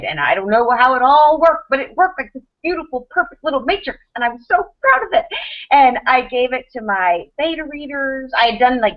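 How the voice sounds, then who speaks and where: Animated woman telling a story, lo-fi. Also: fairly high pitch. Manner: animated, rapid bursts with restarts and laughs. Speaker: podcast panelist. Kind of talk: casual storytelling chat. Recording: dull lo-fi podcast audio.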